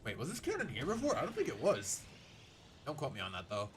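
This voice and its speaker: A man's voice: mid-range voice, wildly swooping pitch, quick pace, a little hiss or hum. A man giving let's play commentary. He rambles, thinks aloud and pokes fun at himself. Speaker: gaming streamer. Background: faint game music.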